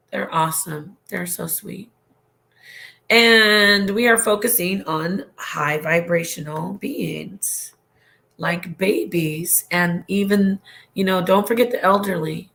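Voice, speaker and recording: A woman's voice: fairly low pitch, gravelly, a bit bright. A woman hosting a casual livestream and reading viewer comments, talking in a rambling, emotional way with laughs and restarts.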